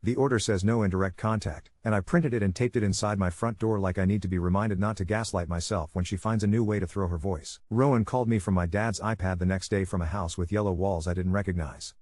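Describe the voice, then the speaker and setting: A man reading a first-person story aloud in a steady, measured narrating style. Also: low-pitched, no echo, studio quality.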